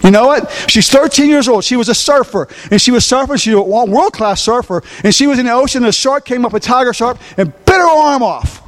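A man's voice: extremely high pitch, animated, fairly quick, few pauses. A man preaching a sermon, telling a story with emphasis and asking the congregation questions.

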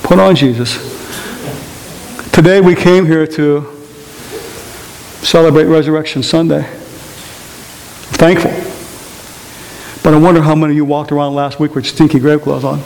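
A man preaching a sermon in a church, telling stories and mimicking other voices in an animated way. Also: on the high side, normal speed, vocal fry, long pauses. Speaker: pastor. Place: church sanctuary. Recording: reverberant hall with faint hiss.

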